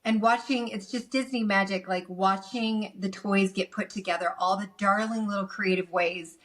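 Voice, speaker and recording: A woman guest chatting on a casual podcast at a middle pitch. She retells a story in an animated, gushing way, piling on little details with a lot of enthusiasm. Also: normal speed.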